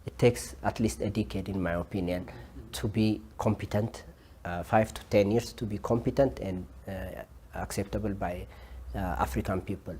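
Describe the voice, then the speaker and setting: A man with an Ethiopian accent answering interview questions, with many pauses and filler sounds. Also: lowish voice, fairly even intonation, dark tone, a little hiss or hum. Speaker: interviewed journalist.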